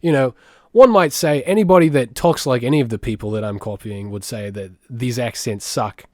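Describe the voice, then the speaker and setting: A man's voice: mid-range voice, brisk, no echo. A young man co-hosting a podcast in casual comedic chat, crude and joking, swearing often. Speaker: podcast co-host.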